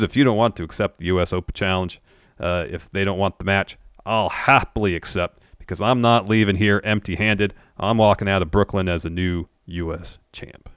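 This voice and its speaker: A man's voice: deep voice, clear, resonant tone, no room sound, clean studio sound. A man co-hosting a podcast, recapping wrestling in laid-back casual chat and reading out quotes. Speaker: podcast co-host.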